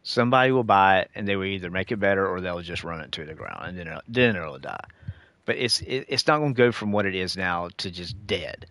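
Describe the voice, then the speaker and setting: A man's voice: low voice, animated, brisk, a bit bright, no echo. A middle-aged man ranting casually to his viewers while gaming, preachy and lecturing, calling them dude and y'all. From United States. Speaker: gaming streamer.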